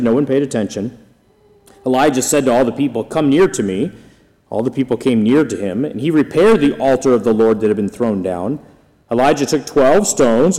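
Male scripture reader, mid-pitched, dramatic emphasis on the quotes, long hall echo. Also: warm tone. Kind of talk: expressive scripture reading.

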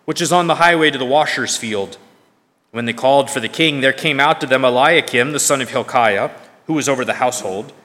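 A man reading scripture aloud in a measured, emphatic way, now and then correcting himself. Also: medium pitch, bright, forceful tone. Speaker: scripture reader. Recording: long reverb of a large hall.

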